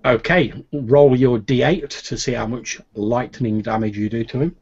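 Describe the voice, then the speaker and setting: A man's voice: mid-range voice, fairly even intonation, moderate pace, darkish tone, slightly rough. A man narrating as game master in a casual way, full of fillers. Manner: casual, many fillers like "like" and "sort of". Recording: dull lo-fi recording.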